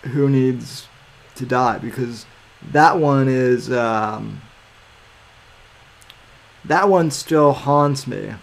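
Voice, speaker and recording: A man hosting his podcast in casual talk, halting and searching for words as he sets up a clip. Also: medium pitch, vocal fry. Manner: halting, searching for words while working the screen. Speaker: podcast host.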